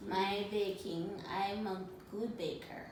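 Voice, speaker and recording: A woman's voice: mid-range voice, fairly even intonation, takes it slowly, background noise. A woman chatting with coworkers, earnest and stumbling over her words. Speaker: coworker guest. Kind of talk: casual group chat. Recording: very echoey room.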